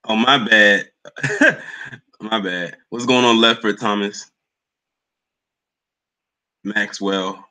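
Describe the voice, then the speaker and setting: A man's voice: on the low side, lively intonation, very slow, pauses often, pushed and bright, low-quality recording. A young man hosting a livestream, chatting loosely and greeting commenters by name. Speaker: livestream host. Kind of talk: casual live chat with viewers.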